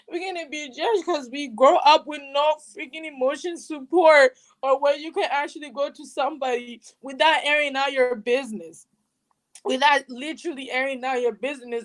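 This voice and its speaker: A woman from Burundi telling her personal story in an interview, emotional and animated, with casual slang. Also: high voice. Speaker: guest sharing personal story.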